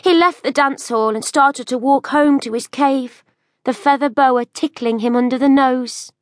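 A woman narrating a children's audiobook in an expressive storytelling manner. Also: sits high, a little slow, no echo, clean studio sound.

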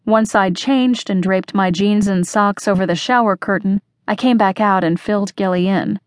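A woman narrating a first-person mystery audiobook in a measured, expressive reading voice. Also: medium pitch, no room sound, clean studio sound.

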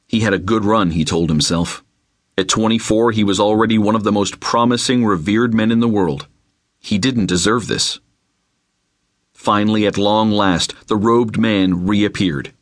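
A man reading an unabridged novel aloud, with measured, dramatic storytelling into a close mic. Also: on the low side, a bit bright, no echo. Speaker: audiobook narrator. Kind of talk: scripted narration.

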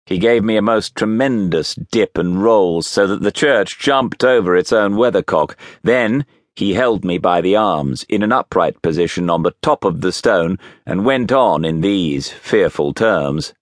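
Deep expressive male audiobook narrator. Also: no echo, studio quality. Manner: expressive, measured storytelling. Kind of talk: scripted narration of a classic novel.

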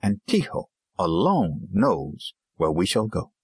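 A man's voice: low-pitched, sing-song, slow, slightly rough, no room sound, studio quality, heavily acted. A man voicing a troubled older Zulu village pastor in an audiobook, grave and at times harsh. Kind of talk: audiobook character reading.

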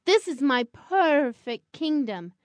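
A woman's voice: sits high, sing-song, slow pace, no room sound, exaggerated voice. A woman voicing a proud, fearless female cat who scolds a dog, in a children's storybook. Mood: indignant.

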